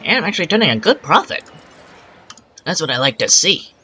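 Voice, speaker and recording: Gaming host, male, rambling let's-play chatter, bright tone, higher voice, faint game music under. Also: big pitch swings, fairly quick, slightly rough. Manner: rambling, self-talking, exasperated asides. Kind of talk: casual let's-play commentary.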